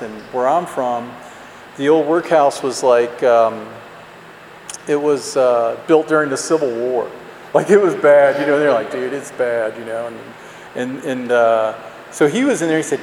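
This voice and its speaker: A man's voice: mid-range voice, fairly even intonation, normal speed, darkish tone. A man telling a candid, self-mocking personal story to an audience, rambling with lots of fillers. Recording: roomy hall, faint background noise.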